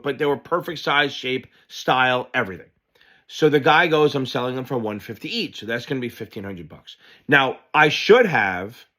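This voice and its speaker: Casual, profane male finance tutor. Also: medium pitch. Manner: animated storyteller, loose and profane. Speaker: exam prep tutor. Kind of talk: casual lesson told through a personal anecdote.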